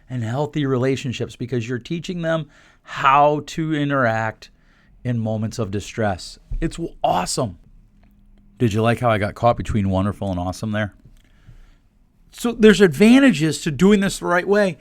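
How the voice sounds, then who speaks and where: Blunt and animated, this forties-aged solo podcast host imitates the people he quotes with put-on voices. He speaks in a high register, recorded in clean studio conditions without echo.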